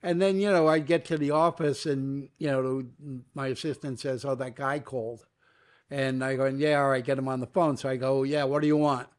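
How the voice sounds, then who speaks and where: A man's voice: medium pitch, moderate pace. Older guy from new york, spinning stories on a podcast, does all the voices in his anecdotes. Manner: animated storyteller acting out quoted dialogue. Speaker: guest, media entrepreneur. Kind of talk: storytelling interview.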